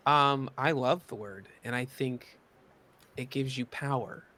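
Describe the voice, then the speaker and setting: A man playing a tabletop game, talking in animated, swooping bursts that turn loud. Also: medium pitch, a little slow. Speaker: player. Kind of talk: in-character table talk.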